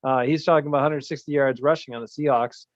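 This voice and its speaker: A man's voice: medium pitch, steady tone, fast talker, no room sound. A man co-hosting a live show, chatting casually and easily, with some hesitant fillers. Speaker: podcast co-host. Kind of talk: casual sports chat. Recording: dry, dull lo-fi stream audio.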